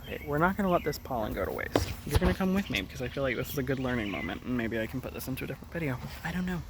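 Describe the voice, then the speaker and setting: A man's voice: mid-range voice, sing-song, rapid-fire. Rambling male gardener outdoors. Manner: rambling, self-correcting, chatty. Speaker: gardening vlogger. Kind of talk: casual rambling vlog. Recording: outdoor noise, sometimes far from mic. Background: birds and rural outdoor ambience.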